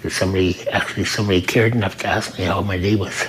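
A man who works the front desk at a recovery program, telling his own story in an earnest, halting way and often repeating himself. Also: low voice, fairly even intonation, fairly bright tone, slight background noise, rough recording. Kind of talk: personal testimony in an interview.

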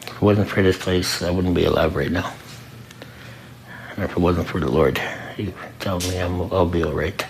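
Deep-voiced man giving earnest testimony. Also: a little hiss or hum, rough recording. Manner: earnest, halting, repeats words. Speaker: front desk worker at a recovery program. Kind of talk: personal testimony in an interview.

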